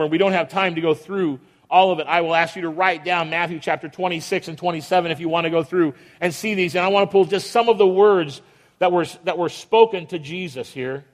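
A male pastor preaching an emphatic sermon, with dramatic pauses and repetition, often acting out the voices of people in the story. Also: high voice. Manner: acts out quoted voices of biblical figures. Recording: long hall reverb.

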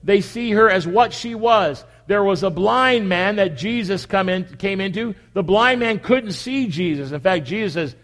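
Speaking at a moderate pace with few pauses, this male pastor has a high-pitched, slightly bright voice. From the communion table he gives a conversational sermon built on repeated rhetorical questions, and the room's long echo suggests a big hall.

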